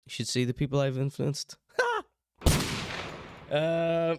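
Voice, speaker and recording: A man's voice: fairly high pitch, slow, clear, resonant tone, no echo. A man giving teasing, chatty live-stream commentary on clips. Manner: teasing, chatty, mock-outraged asides.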